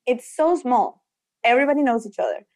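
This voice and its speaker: A young woman from Mexico who speaks Spanish natively, a guest telling stories in a casual interview, animated and acting out the quotes. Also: a little high, brisk. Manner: animated, acts out quotes, filler "like". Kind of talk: casual storytelling in conversation.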